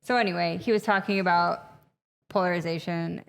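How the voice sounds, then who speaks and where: Woman guest with a gravelly fry, talks animated and loose, long echo on the room. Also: on the low side, a little fast. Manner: animated storyteller, many fillers. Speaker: podcast guest, retreat facilitator. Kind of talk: conversational interview. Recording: long reverb, echoey room.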